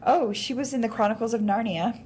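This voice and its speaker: A woman co-hosting a movie podcast in casual chat, chiming in with quick agreement and laughs. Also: fairly high pitch, darkish tone, a little hiss or hum, rough recording. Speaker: podcast co-host.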